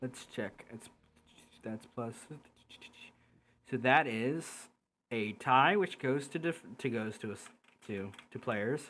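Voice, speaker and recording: A man's voice: mid-range voice, slow pace, long pauses, fairly bright tone. A man running a tabletop game over a voice call, who rules on the action and narrates it in a rambling, laughing way, full of fillers. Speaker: game master. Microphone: computer headset or desk mic on a voice call.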